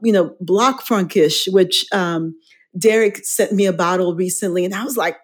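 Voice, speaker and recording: A woman guest in an interview, cheerful and quick to laugh, talking about what she enjoys. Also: fairly low pitch, husky. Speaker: wine educator and TV guest. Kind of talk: casual interview chat.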